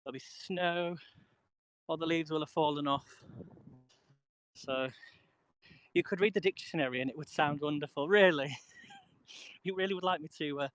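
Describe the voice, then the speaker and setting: A man's voice: a little high, moderate pace, pauses often, fairly bright tone, slight background noise, low-quality recording. Chatty British man on a walk. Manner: rambling, chatty, reads out viewer comments. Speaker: live streamer. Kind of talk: casual chat with live viewers. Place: outdoors on a cold walk.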